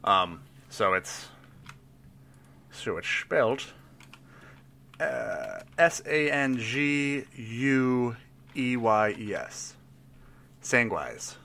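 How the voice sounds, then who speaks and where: A man with a bright, forward voice talks casually about a tabletop role-playing character. He thinks aloud, rambling with restarts and little laughs. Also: mid-range voice, big pitch swings, very slow, creaky, pauses often. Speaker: player building a tabletop character. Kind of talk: casual chat.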